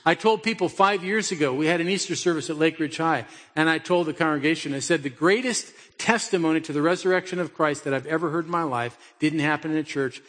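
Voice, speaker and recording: A man's voice: fairly high pitch, a bit bright, in a large hall. A middle-aged man preaching a sermon as a pastor, telling stories in a conversational way and putting pointed questions to his listeners.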